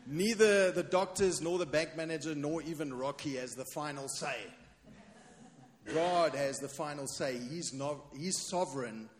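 A man's voice: fairly high pitch, unhurried. A man preaching a sermon as pastor, emphatic and repeating his key refrain. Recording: long hall reverb.

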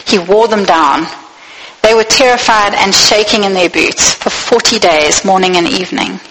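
A woman's voice: mid-range voice, moderate pace, a bit bright. A woman preacher giving a sermon, earnest and asking her listeners direct questions, in a space with long reverb.

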